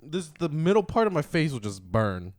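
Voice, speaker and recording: A man co-hosts a casual podcast and slides up and down in pitch as he tells animated stories. His voice sits a bit high and sounds dry and close to the mic. He swears freely and acts out what others said. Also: normal speed, dry recording. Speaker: podcast co-host. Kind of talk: casual chat.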